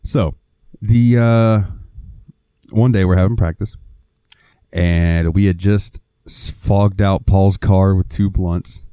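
A man's voice: low-pitched, steady tone, slow, dark tone, clean tone, no room sound, studio quality. A man co-hosting a casual podcast, telling a rambling, laid-back story. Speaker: podcast co-host. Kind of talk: casual chat.

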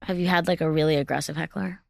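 A woman's voice: deep voice, steady tone, fast, creaky, no room sound. Woman comic hosting, swears casually, asks questions, very dry mic. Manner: frank, profane, asks eager questions. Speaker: podcast host and comedian. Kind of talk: casual podcast chat.

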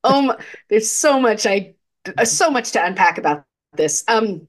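A woman's voice: on the high side, lively intonation, moderate pace. A young adult woman co-hosting a podcast, animatedly retelling a movie and acting out the characters' lines. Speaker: podcast co-host. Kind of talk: casual movie discussion.

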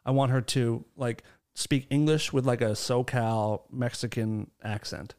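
A man hosting a loose, jokey podcast. His voice sits at an ordinary middle pitch as he teases his co-hosts and reads out listener messages. He leans on fillers like "um" and "like". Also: fairly even intonation, a little mellow. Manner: joking, teasing, drawn-out filler words. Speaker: podcast host. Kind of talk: casual podcast banter.

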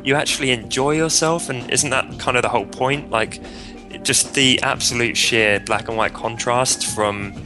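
British man, lower register, easygoing testimonial, guitar music underneath. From Britain. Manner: laid-back, laughs easily, lots of "like". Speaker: guest in a testimonial. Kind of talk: casual testimonial chat.

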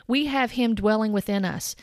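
Addressing her viewers directly, a woman delivers an earnest Bible commentary that corrects and cites chapter and verse. Her fairly high voice moves at normal speed, and the studio sound is clean and dry.

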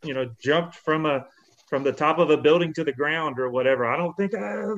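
A man's voice: a little high, moderate pace, fairly bright tone, lo-fi sound. A man in a casual panel chat who jokes, acts out his examples and fills his talk with "you know" and "I mean.".

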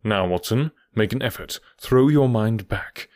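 Man playing a sharp detective, eager and probing, low-pitched, dry close mic. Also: animated, unhurried, no room sound. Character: keen, commanding middle-aged male detective. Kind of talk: audiobook character voice.

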